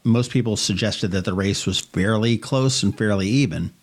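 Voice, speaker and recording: A man's voice: fairly low pitch, moderate pace. A man with a Maryland accent co-hosting a podcast, rambling through local politics and telling anecdotes. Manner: rambling, tells anecdotes with quoted voices. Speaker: podcast co-host. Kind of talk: casual political chat.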